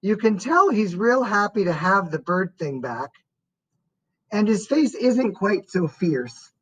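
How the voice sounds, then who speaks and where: A woman reading a first-person story aloud as an audiobook narrator, in a slow and expressive way. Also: mid-range voice, slightly rough, low-quality recording.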